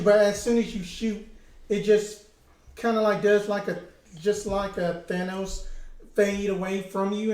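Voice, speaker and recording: A man running a tabletop horror game as keeper, narrating in a rambling way with lots of fillers. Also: high-pitched. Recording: echoey room.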